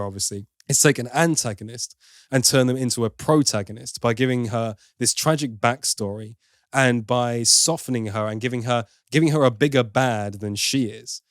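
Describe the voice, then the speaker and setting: A man's voice: mid-range voice, no echo, studio quality. A man hosting a film review podcast, giving opinionated, wry critique in casual chat with plenty of asides.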